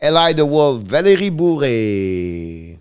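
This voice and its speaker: A man hosting a casual hockey live stream, thanking viewers by name with many halting fillers. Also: medium pitch, big pitch swings, clear, resonant tone.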